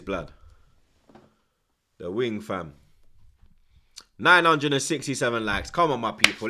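A man's voice: on the low side, pushed and bright. A young man, chatting animatedly as he live-streams a football watchalong, full of slang and repeated tag words. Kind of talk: live stream match commentary and chat.

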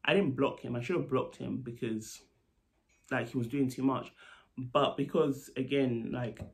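Man, vlog storyteller, gravelly mid-range voice, lively asides. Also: mid-range voice, unhurried. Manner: animated, lively retelling with asides. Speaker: storytelling vlogger; nurse.

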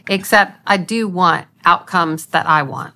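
Bright, animated woman host. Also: on the low side, measured pace. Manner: candid, animated, playful. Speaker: podcast host. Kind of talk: casual faith talk.

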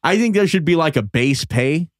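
A man's voice: a little high, moderate pace, dry recording, studio quality. A man co-hosting a casual comedy podcast, teasing his friends and reading out headlines. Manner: teasing, animated, reads out headlines. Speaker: podcast co-host.

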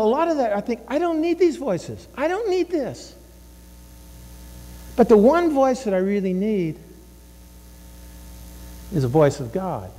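The pastor, a middle-aged man with a high, warm voice, preaches a conversational sermon in which he repeats words and acts out what others said. It's recorded in a church sanctuary, and a long hall reverb hangs over everything.

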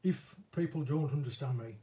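Northern English fisherman, easygoing self-deprecating chatter, warm low-key voice, recorded a little off-mic. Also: normal speed. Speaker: angling vlogger and former commercial fisherman. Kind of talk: casual viewer Q&A chat. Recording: voice a bit distant from the mic.

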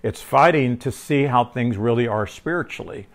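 A man's voice: medium pitch, normal speed. A man giving a casual, conversational Bible teaching, restarting sentences often, drifting into personal stories and checking in with his listener. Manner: rambling, frequent restarts and filler words; checks in with listener with tag questions.

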